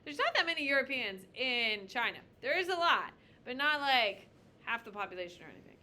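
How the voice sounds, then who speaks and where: A woman's voice: a little high, big pitch swings, brisk, sharp tone. Blunt, joking woman teaching a class. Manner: blunt, joking, calls on students by name. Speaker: high school history teacher. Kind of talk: classroom lecture with questions.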